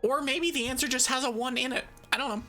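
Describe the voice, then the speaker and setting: A woman's voice: high voice, fairly even intonation, fast talker, pushed and bright, soft background music. A woman streaming live and chatting casually with her viewers. She is bubbly and jokey, with a sarcastic edge, and laughs often. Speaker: VTuber streamer.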